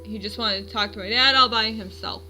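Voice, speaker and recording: A woman's voice: medium pitch, a little fast, sharp tone, faint music behind, poor audio. A woman in her twenties at home, telling her dreams in a rambling, self-correcting casual vlog. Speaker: vlogger.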